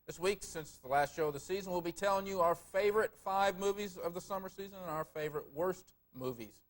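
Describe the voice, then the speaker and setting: A man co-hosting a live local TV film review show, joking casually and laughing often. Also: high-pitched. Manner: quick, jokey, laughs often.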